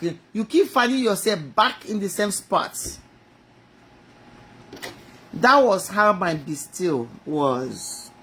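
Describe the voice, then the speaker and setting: A middle-aged woman speaks to her live-stream viewers with passion, swinging from soft, low asides to loud cries. She talks in rhetorical questions, turning to God and back to her audience. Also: lively intonation, takes it slowly, long pauses, a little hiss or hum. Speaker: inspirational speaker. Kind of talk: live-stream inspirational talk.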